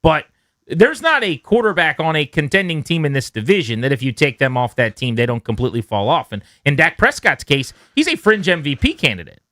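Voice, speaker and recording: A man's voice: on the high side, sing-song, a little fast, sharp tone, no echo, clean studio sound. A man co-hosting a sports radio show, talking through football analysis in a conversational, probing way. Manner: conversational, analytical, drills into points. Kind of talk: casual sports talk.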